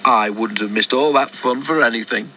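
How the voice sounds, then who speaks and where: A man's voice: mid-range voice, moderate pace, sharp tone, a little hiss or hum, close to an everyday voice. A man voicing a cheeky, teasing young male engine in a storybook reading, light and mocking, on a dull lo-fi recording.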